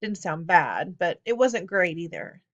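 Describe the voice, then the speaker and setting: A woman reading a children's novel aloud as scripted narration, with expressive storytelling. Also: lowish voice, a little slow, dull audio. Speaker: audiobook narrator.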